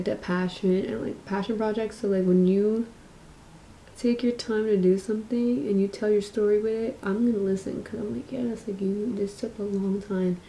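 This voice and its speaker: A young woman vlogger chatting casually while doing her makeup, soft-spoken and a little mumbly, with lots of fillers. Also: medium pitch, slight background noise.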